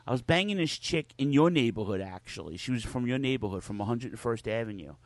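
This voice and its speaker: A man's voice: medium pitch, expressive, quick pace, dry recording. Profane, rambling podcast host man. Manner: profane, loose storytelling with lots of cursing. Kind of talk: casual chat.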